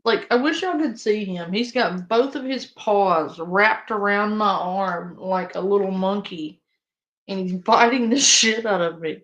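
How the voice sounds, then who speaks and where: A woman's voice: mid-range voice, measured pace, fairly bright tone, lo-fi sound. A woman hosting a live stream, chatting casually and playfully scolding her pet. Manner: playful, talks to her pet while reacting. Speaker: stream host.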